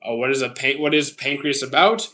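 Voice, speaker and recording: A man's voice: mid-range voice, fairly even intonation, fairly quick, pushed and bright. A man in his thirties from Canada, casually reading out viewer questions on a livestream and answering them briefly, with frequent "uh"s. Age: 30s. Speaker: streamer answering chat.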